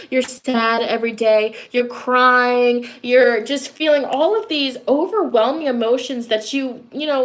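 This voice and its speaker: High-pitched woman, tarot reader, casual direct-to-camera reading, repetitive and chatty. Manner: direct, repetitive, addresses listeners as a sign; chatty asides, laughs at herself.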